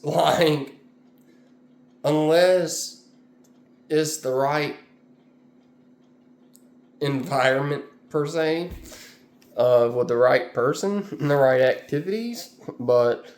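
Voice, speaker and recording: A man's voice: mid-range voice, creaky, a little mellow. A man chatting casually to his viewers in a rambling, laid-back way, full of fillers. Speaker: vlogger. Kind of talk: casual chat.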